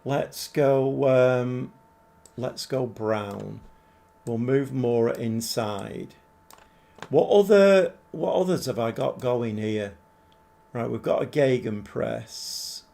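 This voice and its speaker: Older man, 70s, unhurried rambling livestream commentary with viewer chat. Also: medium pitch, vocal fry, mellow. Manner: rambling, chatty, thinks aloud, answers viewers. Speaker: gaming livestreamer. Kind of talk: live game commentary and chat.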